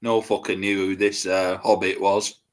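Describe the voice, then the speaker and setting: A man's voice: deep voice, normal speed. A man, co-hosting a casual podcast, telling stories with frequent laughter. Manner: laughs often, animated storytelling. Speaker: podcast co-host. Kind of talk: casual chat.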